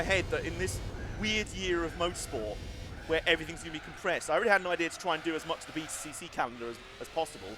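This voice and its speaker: A man's voice: fairly high pitch, fast talker, noisy background. A man chatting casually and self-deprecatingly as he live-streams a racing game, wandering into side stories.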